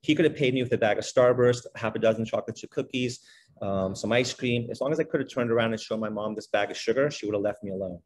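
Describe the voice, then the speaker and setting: This podcast guest is a middle-aged basketball trainer with a fairly low voice. Relaxed and conversational, he tells the story of his life in a quick, animated stream, with "you know" and "like" scattered all through it.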